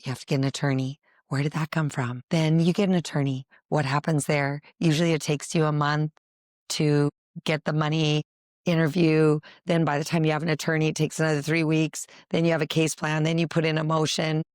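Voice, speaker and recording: A woman's voice: low voice, level tone, fairly quick, a little mellow, no echo, clean studio sound. A woman family therapist speaking in a documentary interview, earnest and emphatic, stacking her points in repeated lists.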